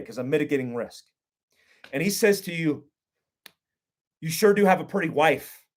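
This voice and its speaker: A middle-aged man teaching self-defense, talking bluntly and with profanity, acting out street confrontations and questioning the listener. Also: a little high. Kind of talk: instructional talk with acted scenarios.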